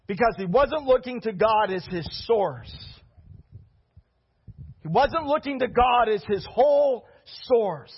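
Man preaching, very high husky voice, animated with shouted peaks, dull lo-fi recording. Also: takes it slowly. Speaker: pastor. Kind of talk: sermon.

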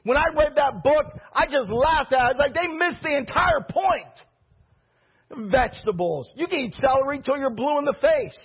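A man preaching a sermon, telling stories in a lively, conversational way to his congregation. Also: very high voice, moderate pace. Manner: storytelling preacher, animated and conversational. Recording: dull lo-fi recording.

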